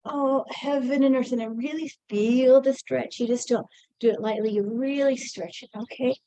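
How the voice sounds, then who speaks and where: A woman with a high, fairly even voice at normal speed and a dark tone demonstrates an energy routine, narrating each movement while slightly out of breath. She's chatty and encouraging in this casual instruction; the recording is rough with no room sound.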